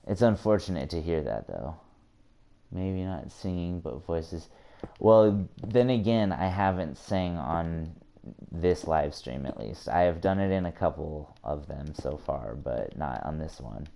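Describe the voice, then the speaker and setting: Deep, mellow-voiced streamer chatting casually. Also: male voice, unhurried, vocal fry. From United States. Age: 20s. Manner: chatty, laughs often, many restarts. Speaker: live streamer. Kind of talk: casual live-stream chat.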